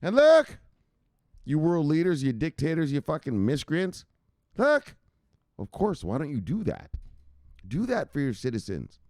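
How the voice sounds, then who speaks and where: Male crypto news host, rowdy and profane, lively voice, dry close mic. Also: a little high, normal speed, dry recording. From United States. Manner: loud, laughing, swearing, shouting outbursts. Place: home at night in a city.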